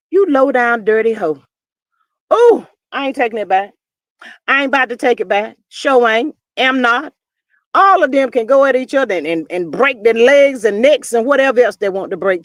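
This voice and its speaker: Woman streamer host, high-pitched, lively sassy gossip talk, dry close sound. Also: no room sound. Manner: animated, sassy, full of exclamations. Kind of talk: casual gossip commentary.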